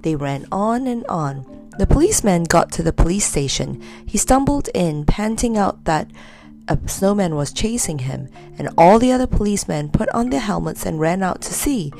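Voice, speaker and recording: Gravelly woman reading a children's story. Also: lowish voice, normal speed, soft background music. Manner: lively, expressive storybook reading.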